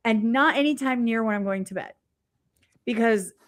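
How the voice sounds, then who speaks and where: A woman chatting casually, telling animated stories and swearing freely. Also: a little high, normal speed. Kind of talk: casual chat.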